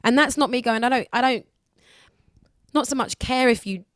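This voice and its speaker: Brief: woman, 20s, radio guest, candid and lively, dry close sound. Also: on the high side, normal speed, dry recording. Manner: candid, lively, acts out other people's voices. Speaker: guest singer. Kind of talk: casual radio interview chat.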